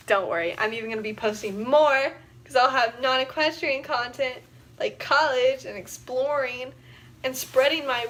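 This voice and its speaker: A woman's voice: on the high side, a bit bright. A young woman chatting casually on a livestream, rambling with lots of fillers and frequent giggles. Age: young adult. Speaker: vlogger.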